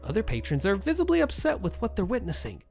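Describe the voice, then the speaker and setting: Animated male storyteller, gravelly, wry asides, faint music behind. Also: high-pitched, quick pace. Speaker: podcast host reading stories. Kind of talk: storytelling narration with casual commentary.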